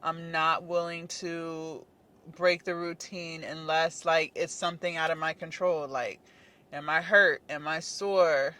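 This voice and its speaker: A young woman chatting casually to her camera at the gym. She thinks out loud as she goes and fills her sentences with likes and ums. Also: sits low, fairly even intonation, a little slow. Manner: rambling, many fillers, musing out loud. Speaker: fitness vlogger. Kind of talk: casual vlog chat to camera.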